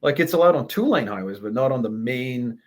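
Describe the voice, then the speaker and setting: A man, a guest telling a lively travel story in a casual interview, laughing and swearing as he goes. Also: mid-range voice, fairly quick. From Canada.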